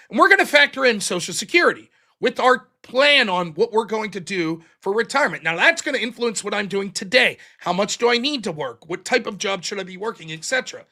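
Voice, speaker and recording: Forties male show host, high and bright, blunt and profane, acts out quotes. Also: expressive, quick pace, few pauses. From United States. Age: 40s. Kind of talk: casual political monologue.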